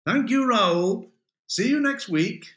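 A man's voice: high-pitched, expressive, slow, a bit bright, voice pushed up, full character voice. Man putting on a pompous, theatrical young teacher. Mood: hearty. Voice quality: theatrical and grandiloquent. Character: brash, pompous young male English teacher.

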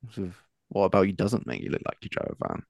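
A man's voice: deep voice, animated, fast talker, vocal fry, darkish tone, dry recording. A man putting on a cocky young male local who needles strangers. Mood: needling. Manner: smug, needling.

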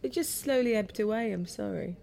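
A woman, a comedian guest, making quiet, teasing asides in casual chat. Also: medium pitch, a little fast, vocal fry, slight background noise.

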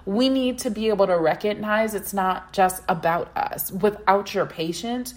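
A woman's voice: medium pitch, moderate pace, few pauses. A woman hosting a solo business podcast, giving advice in an emphatic way, repeating phrases for stress and asking rhetorical questions. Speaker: podcast host, practice consultant.

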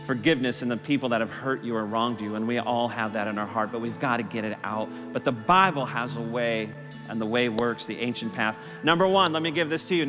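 A man preaching a sermon to his church, impassioned, his voice rising loud and high on key lines. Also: big-room sound. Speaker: pastor. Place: church sanctuary.

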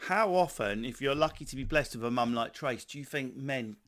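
A man with an Essex accent talks loosely and bluntly, swearing freely and laughing through his banter. He sounds like he is in his thirties, and his voice sits at an ordinary middle pitch for a man. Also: expressive, fairly quick, fairly bright tone. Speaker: podcast host. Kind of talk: casual chat.

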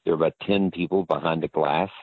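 A man's voice: deep voice, steady tone, quick pace, no room sound. An older man, an actor guest in an interview, telling rambling anecdotes. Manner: rambling storyteller. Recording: tinny phone-line audio.

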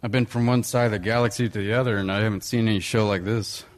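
A man's voice: on the low side, fairly even intonation, fast, close to an everyday voice. A man doing an impression of a wry, swaggering male space smuggler, in a drawling, self-assured manner. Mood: boastful.

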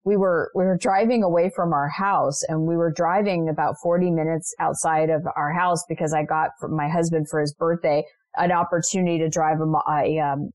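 A woman's voice: low voice, darkish tone, no echo. A woman guest on an interview show, earnestly and reflectively sharing personal stories with frequent asides. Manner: earnest, reflective, lots of "you know" asides. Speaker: guest, transformational leader and spiritual mentor.

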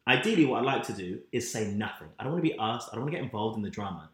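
A man chatting casually, words tumbling out fast as he recounts a work grievance and plays out the back-and-forth himself. His voice sits in a mid range. The room around him is noticeably echoey. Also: fairly low pitch. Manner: quick, animated storytelling with reported speech. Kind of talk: casual chat. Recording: roomy echo.

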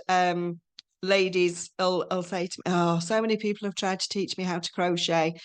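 A middle-aged woman talking as a guest in a casual conversation, chatty and animated, telling stories and acting out what people said. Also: medium pitch. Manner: chatty, animated storytelling with acted quotes.

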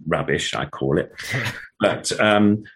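An older man from England tells rambling, enthusiastic stories in a casual interview. His voice sits very low and has a husky grain to it. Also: lively intonation, slow, a bit bright. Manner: chatty, rambling, enthusiastic storyteller. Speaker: interview guest, puppeteer.

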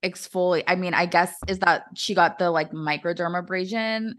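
A woman's voice: lowish voice, brisk, fairly bright tone. A woman co-hosting a casual podcast, exasperated and blunt, swearing and filling with "like". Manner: exasperated, swears freely, many fillers. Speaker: podcast co-host. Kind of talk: casual chat.

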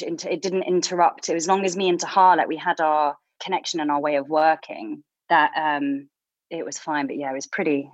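A woman from Blackpool, an actress guest on a podcast, telling stories in a chatty, animated way with many asides. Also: lowish voice, dry recording. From Blackpool, England. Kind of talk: interview.

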